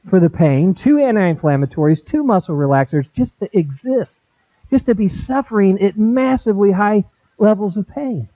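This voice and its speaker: A middle-aged pastor preaching a sermon, animated, acting out quoted conversations with big swings in voice. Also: male voice, high-pitched, no echo. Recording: dry, tinny phone-like sound.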